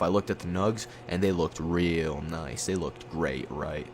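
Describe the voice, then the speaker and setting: A young man telling a story in a casual, rambling, profane way, jumping up in pitch when he acts out what people said. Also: normal speed, a little hiss or hum. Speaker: storytime YouTuber.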